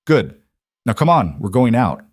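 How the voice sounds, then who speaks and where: Man voicing a calm, protective husband. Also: mid-range voice, a little slow, slightly rough, no room sound, studio quality. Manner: calm, reassuring.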